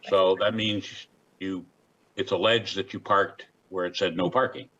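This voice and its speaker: Brief: male hearing officer, fairly low voice, folksy and measured, lo-fi call audio. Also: fairly even intonation, fairly bright tone. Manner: plain-spoken, folksy, measured. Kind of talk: presiding over a hearing.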